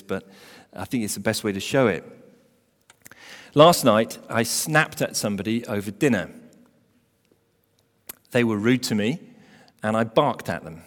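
A man preaching a sermon as pastor, emphatic, building to loud stressed phrases. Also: lowish voice. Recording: long hall reverb.

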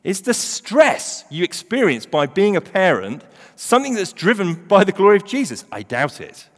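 A middle-aged man preaching a sermon, animated, swinging from loud emphasis to hushed, quiet readings. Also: high voice, moderate pace. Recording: reverberant hall.

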